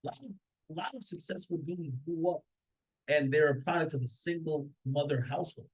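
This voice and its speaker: A man's voice: on the high side, fairly quick, slightly rough, poor audio. A man commenting casually on a played clip, opinionated, often stammering and repeating words. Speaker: reaction commentator.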